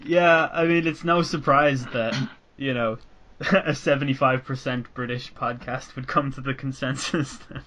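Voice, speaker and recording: A man's voice: mid-range voice, fairly even intonation, unhurried, fairly bright tone, a little hiss or hum. Sweary Irish man hosting a podcast. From Ireland. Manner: sweary, sarcastic banter. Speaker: podcast host. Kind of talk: casual podcast chat.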